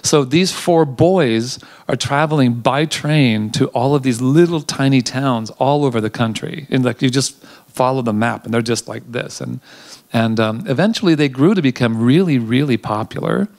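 A man, a theater director, giving a behind-the-scenes interview, telling history in an animated, chatty way with frequent ums. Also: medium pitch, moderate pace, creaky.

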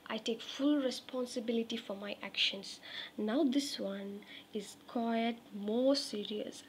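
Female English teacher, fairly high voice, patient repetition, faint hiss behind. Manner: repeats example phrases slowly, coaxing check-ins. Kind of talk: spoken English lesson.

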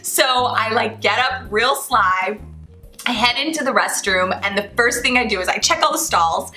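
A young woman with a bright, forceful voice and a slightly raised pitch recounts her own story to camera. She acts out the people in it as she goes. The room adds an echo, and faint music plays underneath. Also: normal speed. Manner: animated, acts out quoted dialogue. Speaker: flight attendant vlogger.

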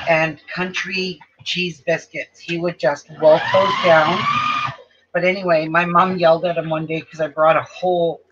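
A quilting channel host chats on a casual live stream at home, and her talk meanders with many restarts and unfinished thoughts. Her pitch is fairly low, yet her tone comes across fairly bright. Dull lo-fi audio carries faint noise.

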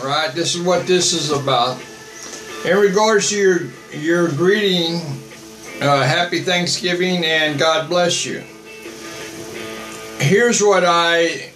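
A man's voice: on the high side, fairly bright tone, reverberant, rough recording. A man in his seventies, a missionary preaching on a live stream and answering viewer comments in a rambling, earnest, repetitive way. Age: 70s.

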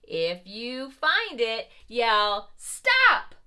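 Sing-song, bright-voiced preschool teacher woman. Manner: slow, sing-song, encouraging, with lively pitch swings. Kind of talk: preschool lesson for young children.

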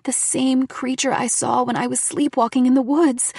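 A woman narrates a first-person horror tale in a dramatic, unhurried way. Her voice is fairly high, with a gravelly, husky grain. The sound is dry and close, with no room echo. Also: fairly even intonation. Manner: dramatic, shifting into loud frightened shouts for quoted lines. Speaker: audiobook reader.

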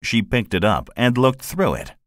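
A man reading a children's classic aloud as narrator, in a measured, expressive manner. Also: mid-range voice, no room sound, studio quality. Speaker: audiobook narrator. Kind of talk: scripted narration.

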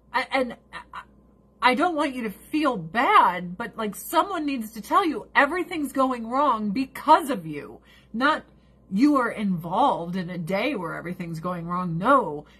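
A woman's voice: mid-range voice, a bit bright, breathy edge. A woman in her forties ranting casually, profane and exasperated, laughing often. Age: 40s. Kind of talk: casual rant.

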